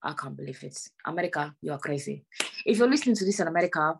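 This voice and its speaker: A woman's voice: low-pitched, expressive, rapid-fire, creaky, slight background noise. A young woman hosting a solo podcast, talking frankly and with exasperation, swearing freely and leaning on fillers like "like" and "I don't know". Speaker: podcast host.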